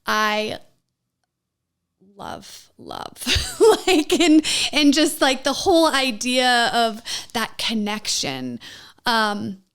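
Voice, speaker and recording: A woman's voice: a little high, huge pitch swings, extremely slow, fairly bright tone, clear, resonant tone. A woman telling her personal story as a podcast guest, emotional and given to laughing, with many fillers.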